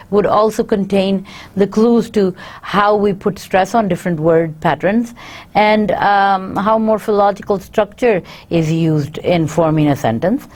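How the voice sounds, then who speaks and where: In a university lecture, a woman reads each point aloud and then explains it again in her own words, using frequent fillers. Her fairly low voice has a darkish tone and a slightly slow pace.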